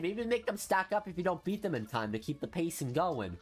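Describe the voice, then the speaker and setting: A man's voice: big pitch swings, brisk, hardly any pauses, faint music behind. Young man ranting over a mobile game. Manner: frustrated ranting, swings from low muttering to loud outbursts. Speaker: gaming streamer. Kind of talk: casual gameplay commentary.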